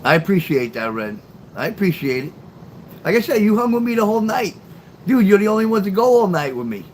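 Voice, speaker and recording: A man's voice: high voice, a little fast. Profane, chatty male live streamer, noisy background. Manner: talks back to chat, profane and sarcastic. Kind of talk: casual late-night livestream chat. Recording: steady background noise.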